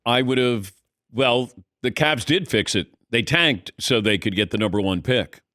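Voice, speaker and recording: A middle-aged man hosts a sports talk show with a lively, rising-and-falling voice that swings widely from phrase to phrase. He tells animated stories and acts out quotes in a casual studio chat. The sound is close and dry, with no room around it. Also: medium pitch, normal speed, no echo. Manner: animated storyteller, acts out quotes, laughs mid-sentence. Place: radio studio.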